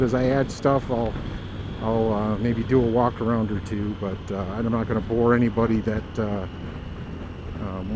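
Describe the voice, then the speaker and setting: A man's voice: medium pitch, noisy background. A man vlogging about his motorcycle in a casual, hesitant way, with many fillers and restarts. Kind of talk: casual talk to camera.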